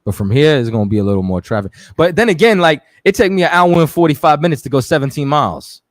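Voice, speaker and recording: A man runs a live radio stream in a loose, chatty way, calling out names from the audience. His voice sits a bit high for a man. The sound is close and dry, with no room around it. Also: expressive, fast, dry recording. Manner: loose and conversational, shouting out viewers. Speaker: radio show host. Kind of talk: casual live-stream talk.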